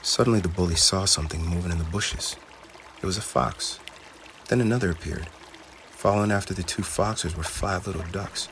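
A man reading a children's storybook aloud in an expressive, steady way. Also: deep voice, fairly quick, noisy background.

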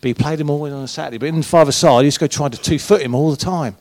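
A man's voice: fairly high pitch, rapid-fire, a little mellow, no room sound. A former footballer, a man, telling colloquial, swearing anecdotes as a guest at a live event. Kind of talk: casual live storytelling. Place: event room with a live audience.

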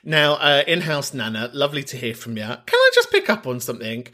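A man hosts a podcast and takes callers, speaking candidly and camply and laughing easily. His mid-range voice swoops wildly in pitch and sounds pushed and bright.

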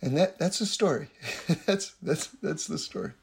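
A man's voice: a little high, normal speed, vocal fry. A man giving a casual spiritual teaching, rambling and often repeating his words.

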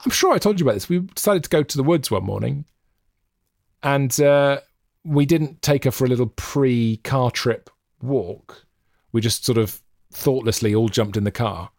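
A man's voice: mid-range voice, normal speed, vocal fry, a little mellow, dry recording, clean studio sound. A man in his thirties, a podcast co-host, telling rambling, self-mocking stories from home. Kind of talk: casual chat. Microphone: USB podcast mic with headphones.

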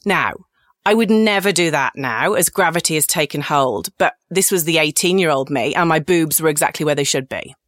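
A woman's voice: deep voice, expressive, normal speed, a bit bright, dry recording, clean studio sound. A woman in her forties, a podcast host, tells comic personal stories in a candid, cheeky, self-mocking way.

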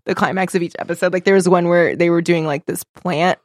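A young woman with a slightly low voice, chatting casually and retelling a story with gusto. She slips into the voices of the people she describes and laughs as she goes. The sound is dry and close. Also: a little fast, dry recording. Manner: animated storytelling, acts out quoted people, laughs often, swears. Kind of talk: casual chat.

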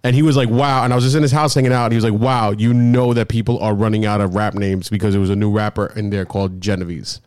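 A man hosting a casual podcast, joking and greeting loudly, his voice a bit cracked. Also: fairly low pitch, little pitch movement, fast talker, few pauses, clean tone, dry recording. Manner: joking, hype-style greetings. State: scratchy voice cracking. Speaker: podcast host.

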